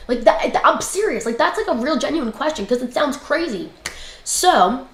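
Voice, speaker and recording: A woman's voice: high voice, normal speed, slight background noise. Blunt, chatty young woman, roomy echo. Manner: blunt, swears freely, chatty and animated. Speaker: livestream guest. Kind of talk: casual storytelling. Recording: roomy echoey room.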